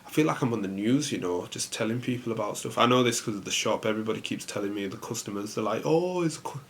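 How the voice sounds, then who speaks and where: A young man hosting a casual solo podcast, rambling in a relaxed way with lots of fillers. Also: fairly low pitch, quick pace, slight background noise. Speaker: podcast host.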